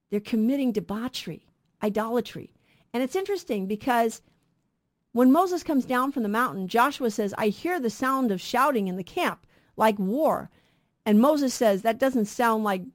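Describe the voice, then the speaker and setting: A middle-aged woman teaching scripture on a radio program, her voice sitting a little high. She talks earnestly, often putting a question to her listeners and then answering it herself. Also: a little mellow. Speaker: radio Bible teacher and co-host.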